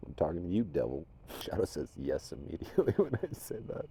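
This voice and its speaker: A man from Minnesota talking casually to unseen spirits as a medium, rambling and shifting between loud commands and soft whispers. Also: very deep voice, sing-song, brisk, husky. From Minnesota, USA.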